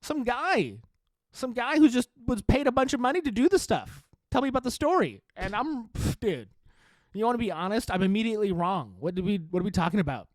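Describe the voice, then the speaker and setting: A man's voice: high-pitched, very animated, a little fast, no echo. A man hosting a solo podcast, talking in a sarcastic, self-mocking way with frequent swearing and laughter. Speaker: podcast host. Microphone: studio microphone.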